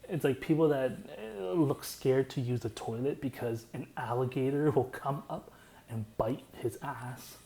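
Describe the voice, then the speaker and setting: A man's voice: medium pitch, vocal fry, warm tone, slight background noise, rough recording. A young man casually explaining his own song in a loose, rambling way, full of "like" fillers.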